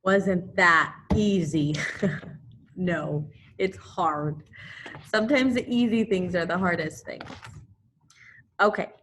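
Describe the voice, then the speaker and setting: A woman teaches second graders over a video lesson, speaking into a computer mic. Her voice is bright and clear, and she talks slowly, repeating each term so the children can say it with her. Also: lowish voice, slight background noise. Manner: slow, repeating drills for young children. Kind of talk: remote class lesson.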